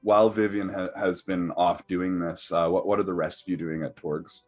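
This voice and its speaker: Low, husky game master narrating. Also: male voice, little pitch movement, normal speed, a little mellow, soft background music. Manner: stammering restarts, many fillers.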